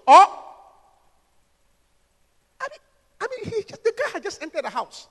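A man preaching a sermon, animated and acting out scenes in different voices. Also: very high-pitched, moderate pace, big-room sound. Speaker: pastor.

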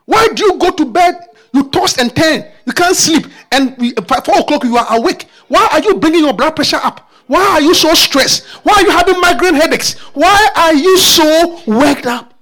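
A man preaching a sermon with passion. He fires off repeated questions and builds up to shouting. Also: very high-pitched, animated, moderate pace.

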